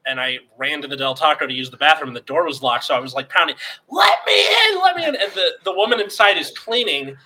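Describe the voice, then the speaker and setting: A man co-hosting a podcast in casual chat, telling a story with animation and yelling out the quoted lines. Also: fairly high pitch, fast talker, hardly any pauses, slight background noise, low-quality recording. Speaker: podcast co-host.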